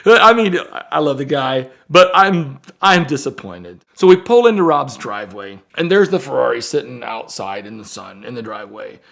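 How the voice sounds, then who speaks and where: A car dealer telling a story in casual storytelling, rambling with fillers and acting out quoted dialogue with animated jumps. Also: male voice, medium pitch, normal speed, gravelly, hardly any pauses.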